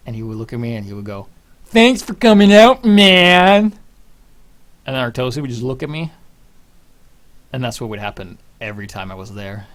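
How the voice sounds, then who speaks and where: Young male vlogger, rambling, animated, swears freely. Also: medium pitch. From Norway. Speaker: channel host. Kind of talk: casual personal storytelling.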